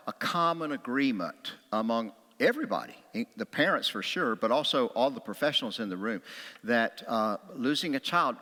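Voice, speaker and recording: A middle-aged man preaching a sermon as a pastor, telling stories and acting out quotes with a raised voice or a whisper. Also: medium pitch. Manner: animated storytelling, acts out quotes with a raised voice or a whisper. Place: church sanctuary. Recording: long hall reverb.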